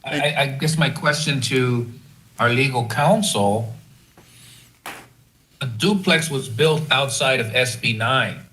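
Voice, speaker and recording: A man's voice: mid-range voice, bright, forceful tone, slight background noise, poor audio. Polite councilman asking questions. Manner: polite, informal, halting questions. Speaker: city council member.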